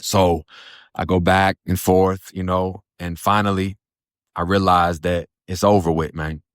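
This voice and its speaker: A very deep-voiced man tells his own hard story in blunt, profane street talk. The recording is dry and close, with no room around him. He now and then quotes other people in put-on voices. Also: little pitch movement, a little slow, clear, resonant tone, no room sound. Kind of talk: casual first-person storytelling.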